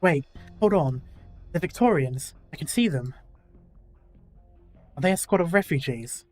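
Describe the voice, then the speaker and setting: A man's voice: on the high side, expressive, unhurried, faint music behind. A male gaming YouTuber reading a game's story dialogue aloud in a casual way, with self-deprecating asides.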